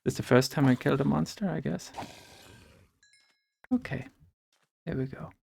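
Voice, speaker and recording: With a German accent and German as his first language, this gaming vlogger talks fast while he plays, meandering through his thoughts with plenty of fillers and restarts and noting that he has allergies. His voice is a little high, creaky and darkish, with fairly even intonation, and there is slight background noise.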